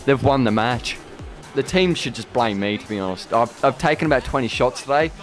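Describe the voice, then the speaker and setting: Excitable man commentating gameplay. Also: mid-range voice, fairly quick, soft background music. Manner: excitable, swings between shouting at the game and deflated muttering. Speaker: gaming YouTuber.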